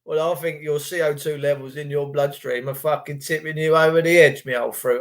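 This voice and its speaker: A middle-aged man, ranting crudely in a casual monologue. He swears, mocks others and jumps up into high voices to mimic people. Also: fairly even intonation, normal speed, hardly any pauses.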